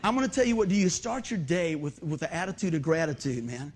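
A middle-aged man preaching a sermon, folksy and conversational, telling animated stories and joking with the congregation. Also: fairly high pitch, fast talker. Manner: animated storytelling, acts out shouts and exclamations. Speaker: pastor.

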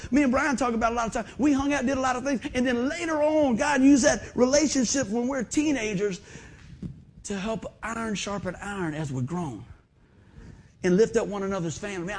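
Middle-aged man pastor, folksy and animated, raspy high-pitched delivery. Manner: animated, folksy, asks the congregation questions. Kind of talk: sermon. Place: church sanctuary.

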